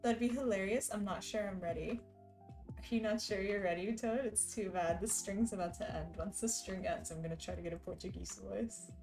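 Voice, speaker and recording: A woman's voice: mid-range voice, a little fast, music in the background, low-quality recording. A woman live streamer in casual, rambling chat who laughs often.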